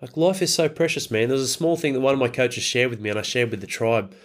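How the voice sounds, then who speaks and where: Middle-aged man, medium pitch, hard-hitting fathers' coach who swears freely. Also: fast talker. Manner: blunt, emphatic, heavy swearing. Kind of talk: motivational talk.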